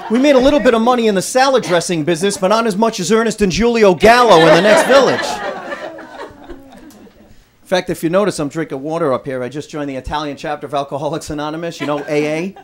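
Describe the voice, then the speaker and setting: Man doing brash club stand-up, high voice, noisy live room with laughs behind him. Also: quick pace. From Rhode Island, USA. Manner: brash, punchy, working the crowd. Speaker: stand-up comedian. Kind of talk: stand-up routine. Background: crowd laughter, noise.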